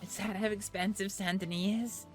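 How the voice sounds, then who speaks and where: A man doing a gentle woman with a faint twang. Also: high voice, level tone, moderate pace, faint music behind, lightly acted. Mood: amused. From Ferrier. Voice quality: slight foreign twang. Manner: gentle, polite, laughs softly. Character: soft-spoken young woman far from home. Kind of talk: western roleplay.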